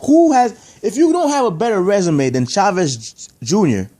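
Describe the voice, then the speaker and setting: A man's voice: high voice, expressive, moderate pace, warm tone. A man giving an opinionated boxing rant to camera, emphatic and heated, stacking rhetorical questions and repeating his points. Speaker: boxing commentator.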